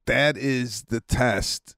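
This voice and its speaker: A man co-hosting a podcast in casual chat, telling stories in an animated way and acting out what people said. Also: mid-range voice, extremely slow, gravelly, dry recording, clean studio sound. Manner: animated storytelling, acts out quotes, swears. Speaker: podcast co-host.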